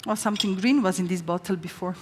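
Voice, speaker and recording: A woman chef, native in Slovene, talks quickly in a medium-pitched, darkish voice as she runs a live cooking demo on a large hall's stage. She tells stories chattily with plenty of fillers and restarts, amid slight background noise and long reverb.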